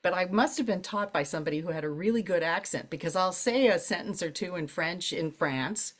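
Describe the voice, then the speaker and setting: An older woman who narrates audiobooks, telling her stories in a relaxed conversational way, laughing often and jumping high in pitch for emphasis. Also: fairly quick. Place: library event, interview setting.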